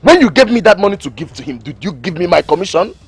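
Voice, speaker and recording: A man's voice: high voice, sing-song, quick pace, breathy edge, faint music behind, heavily acted. An actor with a Nigerian accent playing a greedy, brash young man who argues for his commission. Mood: defiant. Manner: brash, argumentative. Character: greedy cheeky young man taking cuts.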